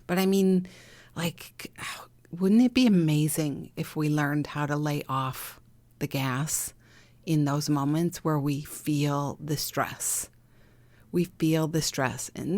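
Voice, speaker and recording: A middle-aged woman speaks slowly and gently in a low voice, coaching listeners through healing. She sounds soothing and encouraging and now and then drops to a soft whisper. The recording is dry and close. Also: no echo. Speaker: podcast host, healing coach. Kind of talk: reflective spiritual talk.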